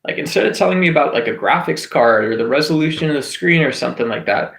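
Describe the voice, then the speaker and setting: A man's voice: on the high side, animated, fast, gravelly, fairly bright tone, reverberant. A man hosting a casual livestream chat, rambling with lots of filler words and restarts. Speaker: livestream host.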